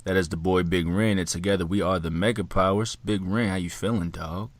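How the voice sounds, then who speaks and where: Animated, swearing male podcast co-host. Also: sits low, a little fast, no echo. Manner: animated storyteller, laughs loudly, swears freely. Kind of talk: casual chat.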